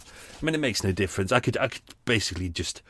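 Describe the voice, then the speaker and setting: With a lowish, bright, forceful voice that's slightly rough, this man hosts his podcast from a small home room aboard a boat. He's animated and quick, chatting casually and rambling with self-deprecating asides, and the recording is dry.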